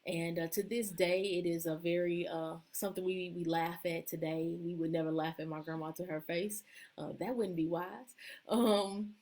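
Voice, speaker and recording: A woman life coach giving a casual live-stream pep talk from home, with many ums and pauses. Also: on the low side, fairly even intonation. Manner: warm-hearted, loose, with many ums and uhs. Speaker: leadership and empowerment coach. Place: at home at a table with children nearby.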